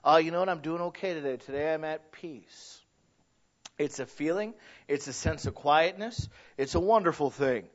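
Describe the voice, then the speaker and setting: Earnest high-voiced male preacher. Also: brisk, muffled recording. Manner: earnest, conversational, swings between emphatic and hushed. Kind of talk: sermon.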